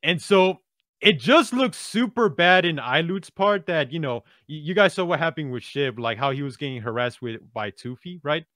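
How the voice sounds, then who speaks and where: Bright, animated male storyteller. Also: a little high, moderate pace, dry recording, studio quality. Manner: animated storyteller, tags lines with "right?". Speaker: podcast co-host. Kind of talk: casual podcast discussion.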